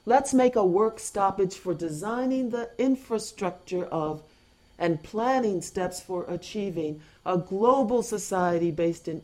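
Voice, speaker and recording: A woman giving an impassioned spoken address, earnest and deliberate, pausing often and restarting phrases. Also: mid-range voice, darkish tone.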